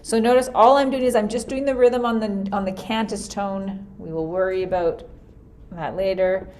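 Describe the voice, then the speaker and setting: A woman's voice: mid-range voice, fairly even intonation, darkish tone. Woman teaching music theory, thinking aloud. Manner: thinking aloud, casual and unhurried. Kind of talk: screen-recorded lesson. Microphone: computer mic for a screen recording.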